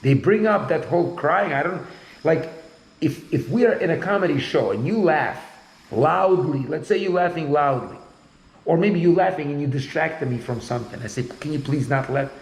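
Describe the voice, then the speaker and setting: A man's voice: on the high side, lively intonation, moderate pace, reverberant, rough recording. A man in casual conversation, talking bluntly and rambling, often repeating himself.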